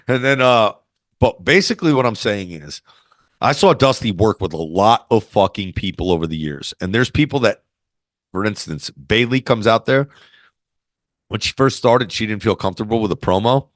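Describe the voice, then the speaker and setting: In a clean studio recording with no room sound, a fairly low-pitched man, a former wrestler, swaggers through stories as an interview guest. His casual storytelling is brash and full of profanity.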